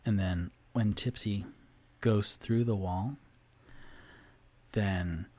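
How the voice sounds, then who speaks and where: A man's voice: lowish voice, extremely slow, pauses often, a little mellow. A man narrating a solo tabletop game as game master, rambling with many fillers and restarts.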